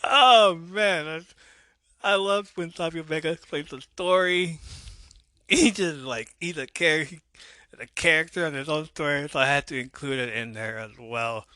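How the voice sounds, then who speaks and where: This is a man hosting a casual podcast, excitable and quick to joke between his read-out passages. His voice sounds sharp and bright. The sound is dry and close to the mic. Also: a little high, clean tone, no echo. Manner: excitable, laughs and jokes, swings between reading and riffing. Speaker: podcast host.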